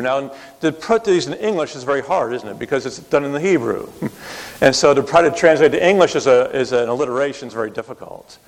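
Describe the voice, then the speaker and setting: A man giving a Bible study lecture, explaining passages patiently and often checking in with his listeners with quick tag questions. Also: mid-range voice. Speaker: Bible teacher. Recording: long hall reverb.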